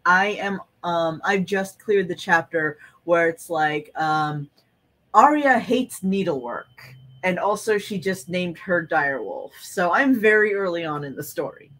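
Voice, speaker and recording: A woman's voice: lowish voice, fairly bright tone, low-quality recording. A woman streamer reading fan fiction aloud and chatting casually, often stopping to question the wording. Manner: chatty, quick to question and laugh along. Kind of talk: casual reaction chat.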